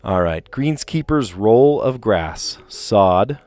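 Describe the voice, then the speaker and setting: A man's voice: lowish voice, lively intonation, takes it slowly, a little mellow, no room sound. Chatty man streaming puzzles. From New Jersey. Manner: chatty, rambling, reads clues aloud and chats to viewers. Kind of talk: casual live-stream chat.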